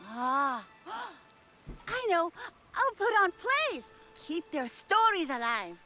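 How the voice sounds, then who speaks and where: A woman's voice: very high-pitched, very animated, slow pace, pushed and bright, full character voice. A woman voicing a cheerful young girl in a video game who chatters eagerly about putting on plays. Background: game music.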